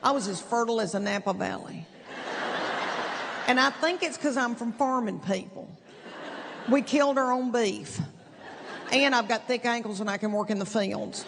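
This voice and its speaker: A woman's voice: a little high, gravelly, noisy background. Folksy Southern woman telling stand-up stories. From East Tennessee. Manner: folksy, chatty, drawn-out punchlines. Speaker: stand-up comedian. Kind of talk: stand-up storytelling. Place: theater stage with audience. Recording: live stage mic in a reverberant hall.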